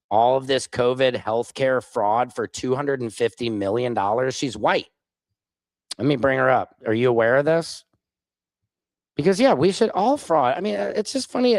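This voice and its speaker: Animated sarcastic male live-streamer. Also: mid-range voice, no echo. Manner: animated, combative, sarcastic toward commenters. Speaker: livestream host. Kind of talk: live stream commentary reading chat.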